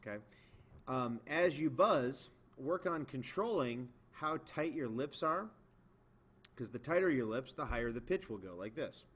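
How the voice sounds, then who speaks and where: A man's voice: mid-range voice, expressive, measured pace, fairly bright tone, breathy edge. A man teaching beginners in a video lesson, patient and demonstrating as he explains. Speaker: music teacher. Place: indoors, in front of a camera.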